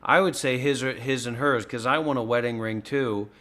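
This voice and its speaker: A man's voice: medium pitch, steady tone, normal speed, a bit bright. A man hosting a casual stream, pressing with insistent, pointed questions. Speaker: host. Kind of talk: casual livestream chat.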